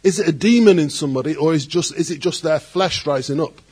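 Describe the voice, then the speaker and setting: A man preaching a sermon as pastor, animated, acting out quoted voices and adding joking asides. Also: fairly high pitch, fast talker, husky.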